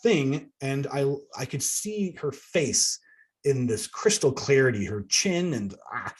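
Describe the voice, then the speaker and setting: Husky-voiced man reading his memoir. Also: medium pitch, animated, slow pace. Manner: earnest, breaks into laughs at himself. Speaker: author. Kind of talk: reading from his own book with asides.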